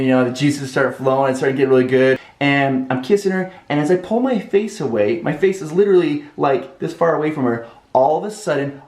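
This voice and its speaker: A man hosting a vlog, telling a comedic story in an animated, expressive way. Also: mid-range voice. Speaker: vlog host. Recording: echoey room.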